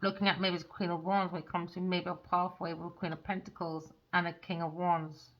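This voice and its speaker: A woman's voice: on the low side, flat delivery, fairly quick. A woman giving a rambling tarot reading, swearing bluntly and venting as she goes. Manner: profane, blunt, ranting. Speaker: tarot reader. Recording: dull lo-fi recording.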